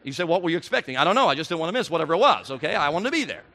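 Male preacher, sermon, animated and emphatic, bright forceful voice, somewhat high pitch. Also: rapid-fire. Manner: animated, rising to shouts on emphatic questions.

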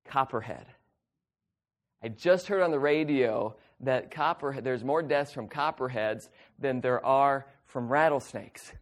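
A middle-aged man preaching a sermon, telling folksy, self-mocking stories and acting out the voices of people in them. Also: mid-range voice. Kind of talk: sermon storytelling.

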